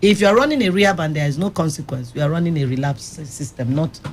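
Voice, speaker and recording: Speaking fast in a low register, this woman talks over a crowd audible behind her. As the head of a rehab center, she shares firm, colorful anecdotes during a radio studio panel discussion.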